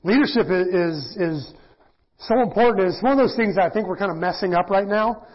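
A middle-aged pastor teaching in a casual, self-deprecating sermon, often acting out quoted voices. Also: male voice, high-pitched, brisk, slightly rough. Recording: dull lo-fi church audio.

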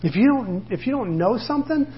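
A man's voice: high voice, lively intonation, a little fast, dull audio, a little hiss or hum. A middle-aged man preaching a sermon in an earnest, conversational way, slipping into the voices of the people he describes. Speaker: pastor.

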